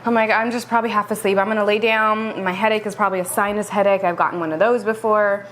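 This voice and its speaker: A young woman chats to the camera at a quick clip, animated and laughing between bites of food. Her voice sits at an ordinary middle pitch, with a faint hum of room ambience behind her. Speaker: vlog co-host. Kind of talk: casual storytelling to camera.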